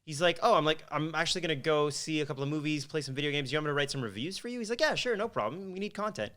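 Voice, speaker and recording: A man's voice: fairly high pitch, rapid-fire, a bit bright, clear, resonant tone. Rambling, swearing man telling his story. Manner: rambling, candid, swears freely. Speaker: guest. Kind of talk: casual storytelling interview.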